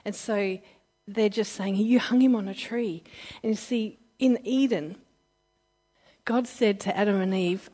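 A woman from Britain or Australia preaches in a slow, unhurried way. She sounds earnest and emotional, stops to restart her sentences, and slips into the voices of the people she quotes. Her voice sits at a middle pitch for a woman. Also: warm tone. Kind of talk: informal sermon.

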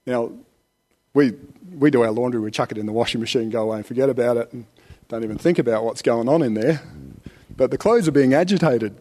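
A man preaching a relaxed, conversational sermon, with rhetorical questions and chuckles. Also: mid-range voice, quick pace. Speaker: pastor.

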